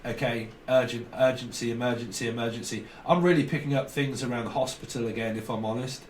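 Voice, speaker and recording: A man's voice: medium pitch, fairly even intonation, fast. A man giving a casual spoken tarot reading, rambling and free-associating as he repeats words and jumps between ideas. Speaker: tarot reader. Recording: roomy echo, distant mic, faint background noise.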